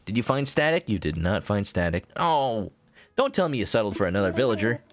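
A man's voice: lowish voice, very animated, a little fast. A man streaming a video game, chatting casually and jokily with his chat. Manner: chatty, jokey, talks to chat.

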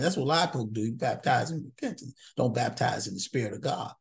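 Husky, gravelly-voiced male Bible teacher. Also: medium pitch, lively intonation, fast talker, hardly any pauses. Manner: conversational, frequent "okay?" check-ins, repeats words. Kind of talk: casual verse-by-verse Bible teaching.

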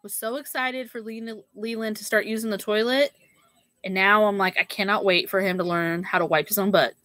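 A woman's voice: mid-range voice, steady tone, normal speed, a bit bright, dry recording, studio quality. A young woman hosting a live sale stream, chatting casually with viewers and often saying "like" and "girl". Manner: chatty, says "like" and "girl" a lot. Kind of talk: casual livestream chat.

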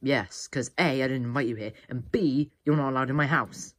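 A man's voice: mid-range voice, brisk, a bit bright, close to an everyday voice. A man voicing a rude, irritable male hedgehog plush in a puppet reaction video, snapping and ordering his guest out of the house. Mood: annoyed.

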